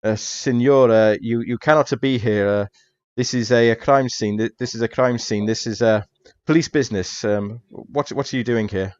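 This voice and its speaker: A man's voice: mid-range voice, moderate pace, clear, resonant tone, muffled recording, natural voice. A man doing a flustered Italian police detective. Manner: flustered, stammering, insistent.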